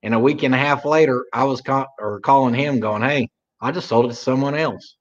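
This livestream co-host, a man from Oklahoma, talks fairly quickly in a medium-pitched voice, drawling and rambling through casual conversation. The highs are cut off in the audio.

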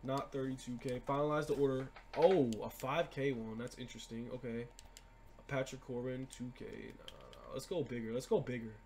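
A young man giving excited, slangy gameplay commentary as a gaming YouTuber, repeating himself often. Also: medium pitch, normal speed, creaky, slight background noise. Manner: hyped, repetitive, slangy.

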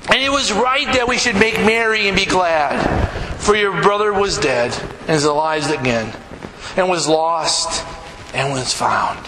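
High-voiced preaching pastor in echoey church. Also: male voice, expressive, a little slow. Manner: storytelling, emphatic, drops to hushed earnest tones. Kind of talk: sermon. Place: church sanctuary. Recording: echoey church hall, noisy live recording.

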